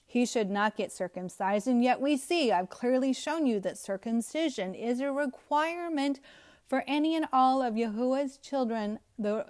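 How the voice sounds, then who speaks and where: Female Bible teacher, higher-pitched voice, scornful and emphatic commentary. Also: darkish tone. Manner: scornful, emphatic, laughs at the text. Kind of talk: scriptural commentary to viewers.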